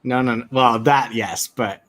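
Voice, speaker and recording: A man's voice: mid-range voice, fairly even intonation, measured pace, a bit bright, no echo. A man co-hosting a casual podcast chat, breaking in with teasing jokes. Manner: joking interjections, teasing. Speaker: podcast co-host. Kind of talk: casual live-stream chat.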